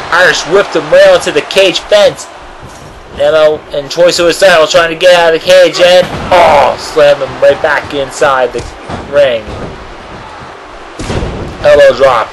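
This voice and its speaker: A man calls a wrestling match blow by blow in a slightly high voice, drawing each call out slowly. He keeps bursting into excited exclamations. Steady noise sits behind the amateur recording. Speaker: wrestling commentator. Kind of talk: amateur play-by-play commentary.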